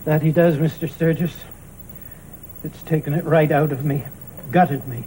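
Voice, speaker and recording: A man's voice: on the high side, fairly even intonation, normal speed, warm tone, slight background noise, close to an everyday voice, low-quality recording. An actor playing a weary, deferential male worker in a 1970s period TV drama. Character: worn-out humble male worker.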